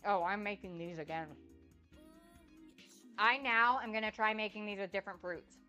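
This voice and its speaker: A woman's voice: mid-range voice, normal speed, pushed and bright, muffled recording, faint music behind. A young adult woman chatting casually on a cooking livestream, gushing and effusive as she tastes her food. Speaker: cooking streamer. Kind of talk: casual cook-along livestream chat.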